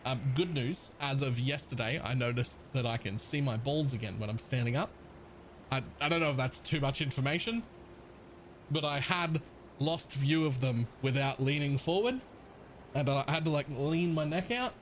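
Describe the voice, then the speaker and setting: A man's voice: mid-range voice, moderate pace, slight background noise, rough recording. A man with a partly Australian accent, chatting casually as a live streamer, rambling, laughing often and swearing.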